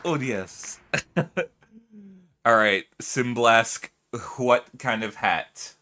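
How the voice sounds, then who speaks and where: A man's voice: mid-range voice, very slow, sharp tone, a faint crowd. A man streaming a video game who chats casually and playfully with his viewers, laughing often. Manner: giggly, playful, talks to chat. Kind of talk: casual live-stream chat.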